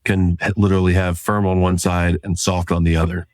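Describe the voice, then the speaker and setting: Deep-voiced man chiming in agreeably. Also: little pitch movement, a little fast, darkish tone, no echo, clean studio sound. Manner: brief, agreeable interjections. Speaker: podcast co-host. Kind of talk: casual chat.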